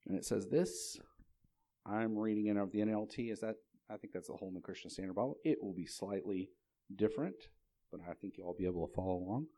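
A man's voice: lowish voice, quick pace, mellow, dry recording. Man giving a casual sermon. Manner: casual, conversational storytelling. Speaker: pastor.

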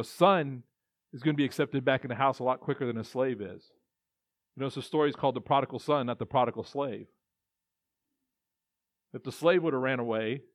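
A man's voice: mid-range voice, dry recording. A male pastor preaching a conversational sermon, with restarts and acted-out quotes. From Texas. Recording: dull, muffled dry sound.

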